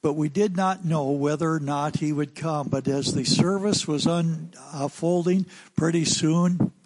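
An American man preaching a sermon, telling a story in an unhurried anecdotal way with some fillers. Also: fairly high pitch, a little mellow. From United States.

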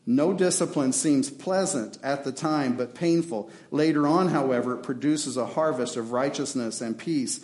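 A man's voice: medium pitch, normal speed, hardly any pauses, darkish tone, echoey room. A man preaching a sermon as pastor, impassioned, acting out prayers and answers to the congregation. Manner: impassioned preaching, acts out prayers and God's replies. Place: church.

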